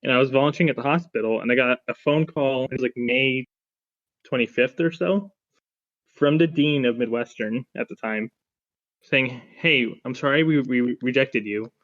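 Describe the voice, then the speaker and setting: A young man chats casually and rambles through a long personal story, full of "like" and false starts. His voice sits at an ordinary pitch, and the audio is a little dull and lo-fi. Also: normal speed, a bit bright. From Phoenix, Arizona. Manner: rambling, filler-heavy storytelling with many restarts. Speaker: podcast panelist, pharmacist.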